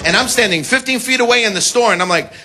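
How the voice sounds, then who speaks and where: An American man doing a stand-up comedy routine, brash and profane, telling stories with shouted impressions. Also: very high-pitched, quick pace. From United States. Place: comedy club stage before a live audience. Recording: live club recording, loud crowd and noise. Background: audience laughter and applause.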